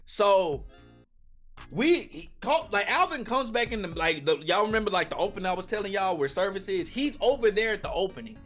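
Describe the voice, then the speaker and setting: A young man telling a casual storytime to his viewers, slangy and animated, talking straight to the audience. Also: sits high, brisk, faint music behind. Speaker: storytime vlogger.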